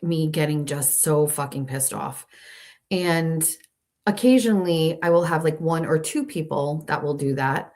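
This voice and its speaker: Woman host going live from home on her laptop, fed up and swearing, lowish voice. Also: a little mellow. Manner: irritated, profane, talks straight to viewers. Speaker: livestream show host. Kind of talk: casual livestream rant. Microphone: laptop mic.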